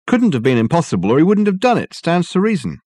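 A man voicing a weary female secretary who answers in a flat, unimpressed way. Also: fairly high pitch, fast talker, dry recording, studio quality, voice pushed up.

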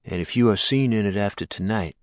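Man doing a cold calm lawman, very low voice, dry audiobook sound. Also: a little fast, no echo, natural voice. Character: calm menacing male lawman.

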